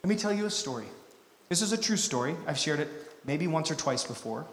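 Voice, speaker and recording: Man preaching, sermon, high voice, hushed then loud, long hall reverb. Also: lively intonation, brisk. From Utah. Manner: dynamic, swings from hushed to loud. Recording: echoey hall.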